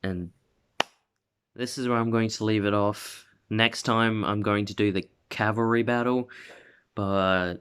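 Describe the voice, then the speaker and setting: A man's voice: fairly low pitch, fairly even intonation, measured pace, fairly bright tone, clean tone. A young man casually retelling a fan story, rambling with lots of "like" and self-corrections. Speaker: video creator.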